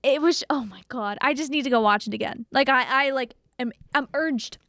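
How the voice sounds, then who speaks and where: A young woman talks in a casual, gushing way, full of excitement about what she loved. Her voice sits a little high. The sound is close and dry, with no room around it. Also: moderate pace, no room sound. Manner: gushing, enthusiastic. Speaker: podcast co-host. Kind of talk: casual chat.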